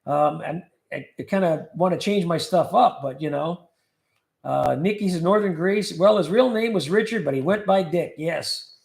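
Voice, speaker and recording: Gravelly high-voiced man hosting a livestream. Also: moderate pace. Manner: joking, rambling, reads comments aloud. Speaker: livestream host. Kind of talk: casual chat reading viewer comments. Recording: echoey room.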